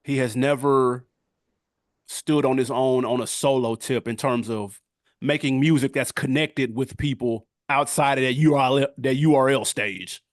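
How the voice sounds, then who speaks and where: A middle-aged man co-hosting a podcast, talking in casual, animated chat full of street slang and quick laughs. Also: mid-range voice, no room sound, clean studio sound. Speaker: podcast co-host.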